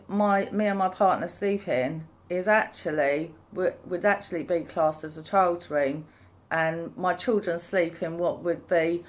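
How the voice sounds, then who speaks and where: A woman in her thirties tells a personal story in a casual, rambling way, full of fillers and restarts. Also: mid-range voice. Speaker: vlogger.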